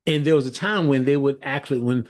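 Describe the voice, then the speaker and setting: A man's voice: medium pitch, fast, a little mellow. A middle-aged man giving a motivational leadership talk, repeating phrases with a preacher-like emphatic cadence and frequent restarts, as if on a video call. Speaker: leadership coach.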